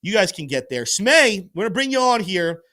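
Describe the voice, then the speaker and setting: Guy running a crypto livestream, kinda high voice, swings up and down a lot, salesy. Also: moderate pace. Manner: animated, salesy, pushes viewers to like and join. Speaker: crypto show host. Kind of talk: livestream market commentary.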